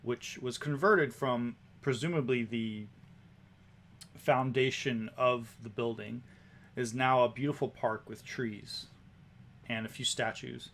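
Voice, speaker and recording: A man runs a tabletop game as its game master. He sets each scene in a medium voice and talks at an unhurried pace. He sometimes trips over a word and restarts. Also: mid-range voice. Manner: relaxed scene description with small restarts.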